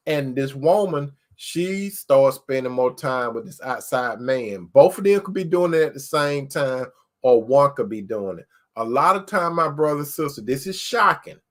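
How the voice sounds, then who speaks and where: A man hosting an informal preaching talk, earnest and emphatic, who keeps addressing his listeners as brothers and sisters and repeats his points. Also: medium pitch. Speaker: host.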